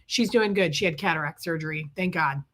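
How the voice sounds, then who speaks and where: A middle-aged woman telling a story to her viewers. She is sick with chest congestion and rants in animated bursts, stopping to greet viewers by name. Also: low-pitched, brisk. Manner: ranting, animated storytelling, reading out viewer names. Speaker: livestream host. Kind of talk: casual chat to viewers.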